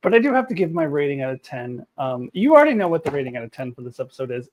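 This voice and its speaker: A woman reviewing TV episodes to camera, ranting in an exasperated, animated way with frequent laughter and swearing. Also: low-pitched, quick pace, few pauses, slight background noise. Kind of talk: unscripted review rant to camera.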